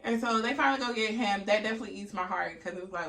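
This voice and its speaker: A woman vlogger telling a story in a casual, theatrical, animated way, swearing freely. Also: medium pitch, very fast, gravelly. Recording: echoey room, distant mic.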